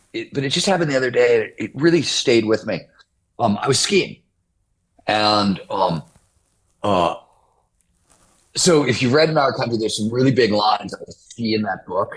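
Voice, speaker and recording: A man's voice: mid-range voice, lively intonation, normal speed, poor audio. A man in his fifties, a guest author in an interview, talking casually and rambling with many restarts. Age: 50s.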